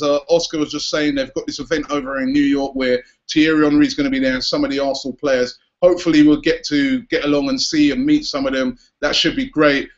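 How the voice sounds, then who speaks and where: A man's voice: on the high side, muffled recording. A man hosting a fan show, chatting casually and joking as he signs off outdoors. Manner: chatty, jokey sign-off. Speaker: host. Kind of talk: casual chat. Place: outdoors in New York City.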